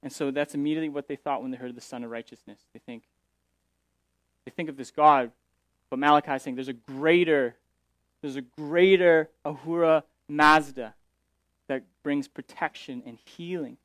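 A man's voice: on the high side, moderate pace, a bit bright, no room sound. A male pastor explaining scripture in a sermon, paraphrasing verses and often restarting his sentences.

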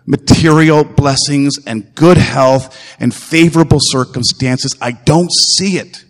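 A man's voice: mid-range voice, big-room sound. A man preaching a sermon as pastor, earnest and emphatic, repeating phrases and putting direct questions to his listeners.

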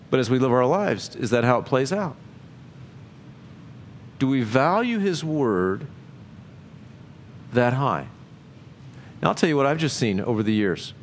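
A male pastor delivering a casual, conversational sermon at a middle pitch. He keeps asking his listeners questions and pushes his voice upward to stress a point. A faint low rumble sits under the recording. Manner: conversational preaching with rhetorical questions and lively pitch jumps.

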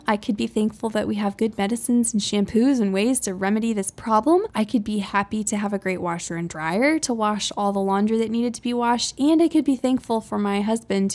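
A woman's voice: medium pitch, a little mellow. Upbeat chatty woman podcast host. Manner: chatty and upbeat, laughing often at herself. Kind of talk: casual faith-based podcast monologue.

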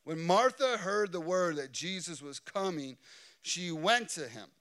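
A male pastor delivering a sermon with a clear, smooth voice. He speaks slowly and deliberately, then swells with passion as his voice rises on the key lines. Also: expressive, fairly bright tone. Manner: impassioned, rising in pitch and volume for emphasis.

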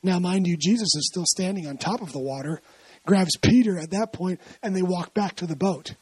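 Delivering a casual sermon a little fast, a preacher with a husky, medium-pitched and slightly mellow voice tells stories to explain scripture. He keeps posing rhetorical questions to his listener, and the sound is close and dry, free of room echo.

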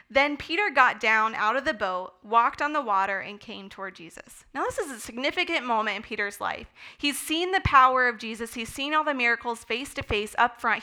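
A woman giving a conversational Bible teaching, enthusiastic and relaxed, with the odd filler. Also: on the high side. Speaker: speaker teaching a Bible study. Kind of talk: sermon-style Bible teaching.

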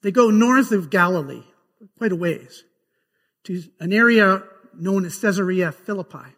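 A man's voice: high voice, measured pace, fairly bright tone, big-room sound. A man preaching a sermon, retelling scripture scenes as a vivid story. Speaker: pastor. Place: church sanctuary.

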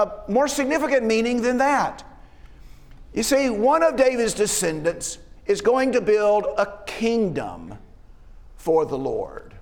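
A man preaching an expository sermon, walking through a passage verse by verse and asking rhetorical tag questions. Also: high-pitched. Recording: long reverb of a hall.

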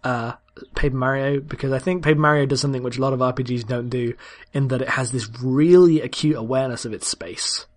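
A man co-hosting a casual podcast chat, telling a story with animated enthusiasm and frequent laughter. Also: mid-range voice, quick pace, hardly any pauses. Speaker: podcast co-host.

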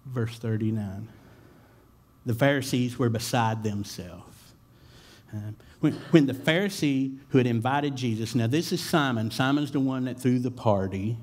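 A man's voice: mid-range voice, measured pace, darkish tone. A man giving a sermon, talking in a casual, conversational way with frequent fillers and repeated starts. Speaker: pastor.

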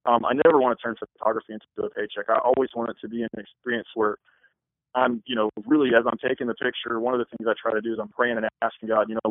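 A man's voice: mid-range voice, little pitch movement, quick pace, no echo. A man, a wedding photographer, giving earnest, rambling answers in a casual interview. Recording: dry phone-like line.

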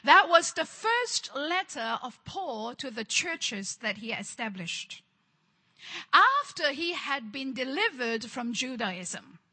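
A woman preaching with a high, bright voice. She is fervent and works in repeated phrases, pressing her congregation to answer back. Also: big pitch swings, slow, breathy edge. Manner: fervent, repetitive call-and-response preaching. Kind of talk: charismatic sermon.

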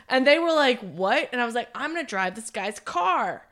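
A woman's voice: on the high side, animated, normal speed, fairly bright tone. A young woman, a podcast co-host, telling a story in casual chat, acting out quotes and swearing freely.

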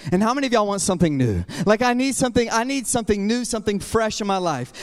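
A man preaching with a high voice, mixing jokes and personal stories into his sermon. He drops into quiet asides, then builds to loud, rousing calls to the congregation. His voice rings out with a long reverb, as in a church sanctuary. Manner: energetic and humorous, swings from quiet asides to loud exhortation. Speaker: pastor.

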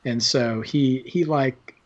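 A man with a mid-range, slow voice co-hosts a podcast, talking casually about a film in a rambling way full of fillers and restarts. The recording has a dull, lo-fi sound.

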